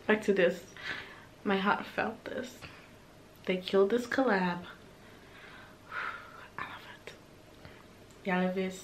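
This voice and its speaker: A woman's voice: medium pitch, slight background noise. A young woman vlogging her reaction to a music album, gushing and emotional, humming along at times. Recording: music playing faintly underneath.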